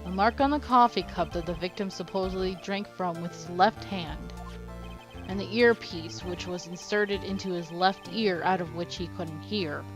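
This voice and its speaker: A woman's voice: lowish voice, moderate pace, over music, natural voice. A woman voicing an earnest young male defense lawyer in a game, matter-of-fact, in her own voice. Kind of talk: let's play character voice.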